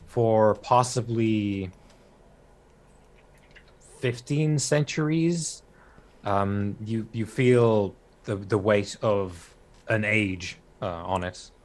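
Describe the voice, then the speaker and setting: Low-voiced man running a tabletop game. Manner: halting, many fillers and restarts. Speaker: game master.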